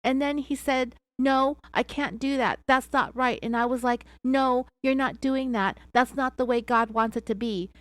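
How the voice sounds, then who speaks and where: A woman's voice: high voice, normal speed, hardly any pauses, dry recording, natural voice. A woman voicing a defensive middle-aged wife who insists on her innocence under police questioning, in a raised, pleading tone.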